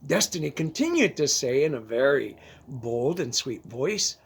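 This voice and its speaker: A storyteller narrating a first-person tale in a halting way, often repeating words. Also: mid-range voice, very animated, vocal fry, husky.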